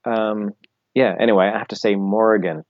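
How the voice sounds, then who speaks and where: Low-voiced australian guy joking around, dull dry sound. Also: normal speed, no room sound. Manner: playful, teasing. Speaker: guest. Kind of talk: casual chat.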